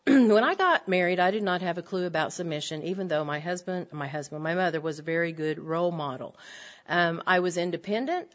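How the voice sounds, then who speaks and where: Earnest woman teaching a ladies' Bible class. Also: fairly low pitch. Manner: earnest, emphatic, repeats key phrases. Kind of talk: church lecture to women. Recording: dull lo-fi lecture recording.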